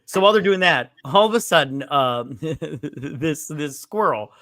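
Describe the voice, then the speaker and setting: A man's voice: on the high side, measured pace, fairly bright tone, dry recording, clean studio sound. A man casually retelling movie scenes on a podcast, rambling with lots of fillers and swearing. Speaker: podcast co-host. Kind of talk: casual movie review chat.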